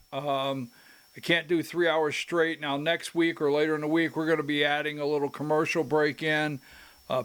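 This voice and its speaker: A man hosting a politics show in an unhurried, drawn-out delivery, with a voice that sits somewhat high for a man. He rambles, restarts his sentences and throws in pointed asides. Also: fairly bright tone, smooth. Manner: rambling, self-interrupting, emphatic asides. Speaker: host.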